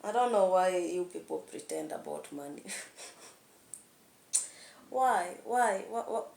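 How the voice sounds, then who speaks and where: A woman's voice: on the low side, expressive, slow pace, creaky, darkish tone. A young woman talking candidly in a rambling vlog monologue, laughing often. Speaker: vlogger. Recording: echoey room.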